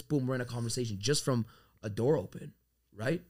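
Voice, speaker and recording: A man from Canada talks quickly on a casual podcast. He is animated and profane and swears freely as he tells his stories. His voice sits in a middle register. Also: mid-range voice. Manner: energetic, profane, storytelling. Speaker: guest.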